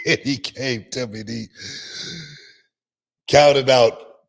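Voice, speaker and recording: A man's voice: mid-range voice, fairly even intonation, very slow, vocal fry, raised voice. A middle-aged man hosting a podcast, telling stories in a laid-back, repetitive way and laughing often. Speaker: podcast host and wrestling promoter. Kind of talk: casual podcast storytelling. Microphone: podcast microphone, remote stream.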